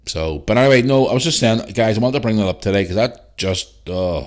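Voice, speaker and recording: Male podcast host, lowish voice, heated sweary solo rant. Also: expressive, a little fast.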